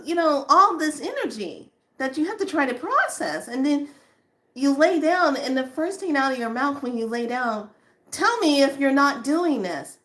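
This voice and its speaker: A high-voiced woman who works as a spiritual teacher gives a casual, conversational spiritual talk to viewers. Her energy is animated and chatty, punctuated by laughter, and she hushes and slows when offering calming words.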